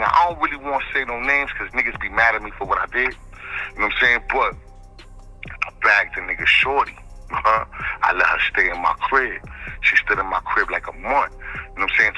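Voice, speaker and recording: A man tells a long street story in a very bright, forceful voice, full of slang. He rambles and keeps checking in with his listener, while faint music plays underneath. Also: lowish voice, fairly quick, rough recording. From the Bronx, New York. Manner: slangy, rambling, keeps asking "you know what I'm saying". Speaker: interview guest.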